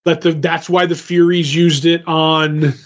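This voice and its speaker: Higher-voiced man rambling through a recap. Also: level tone, measured pace. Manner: rambling retelling, acts out quotes with "he's like". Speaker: podcast co-host. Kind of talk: casual comic book recap. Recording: dull lo-fi podcast audio.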